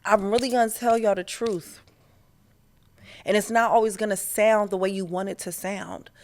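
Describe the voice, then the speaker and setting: A woman hosting a podcast, talking in a candid, animated way, with slang and profanity, in a casual spiritual monologue. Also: medium pitch, moderate pace. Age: adult, past her teens. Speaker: podcast host.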